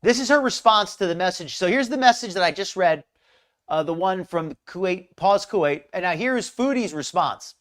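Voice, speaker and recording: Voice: medium pitch, lively intonation, normal speed. A host of a live commentary show who talks in a rambling, chatty way and greets viewers in the chat. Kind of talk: casual live-stream commentary.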